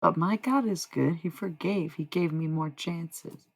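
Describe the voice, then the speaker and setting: A woman's voice: lowish voice, measured pace, creaky, a little mellow, slightly rough, rough recording. A woman streaming live as a self-described medium, musing in a meandering way and often stopping to correct herself. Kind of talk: rambling livestream monologue.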